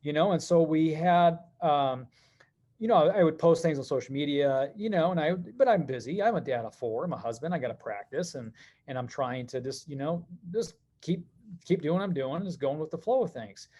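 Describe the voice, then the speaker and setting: A middle-aged man telling stories as a podcast guest, animated and quick, with many fillers. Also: on the high side. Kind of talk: conversational podcast interview.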